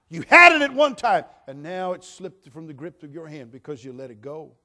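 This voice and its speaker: A man with a notably high voice preaching a sermon. He moves from quiet, drawn-out emphasis to loud, climbing exhortation, talking straight to the congregation. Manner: animated, swings from hushed to shouting. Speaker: pastor.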